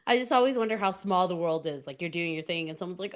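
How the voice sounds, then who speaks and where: A woman's voice: on the low side, fast, crowd noise. A woman hosting a podcast in casual chat, talking in a rambling way with frequent laughs. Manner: chatty, laughs often, rambling restarts. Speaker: podcast host.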